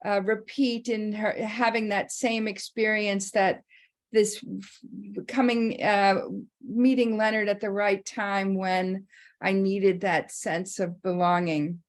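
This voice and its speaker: Woman, middle pitch, halting storyteller with many restarts and frequent laughs, casual memorial share. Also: flat delivery. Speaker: participant sharing memories.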